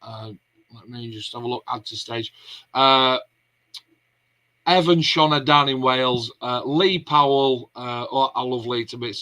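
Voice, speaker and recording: A man hosting a casual vlog, talking through his stories in a loose, rambling way. His voice is bright and forceful, sitting at an ordinary middle pitch for a man. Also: poor audio. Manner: rambling anecdotal storytelling. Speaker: vlog host. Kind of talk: casual chat.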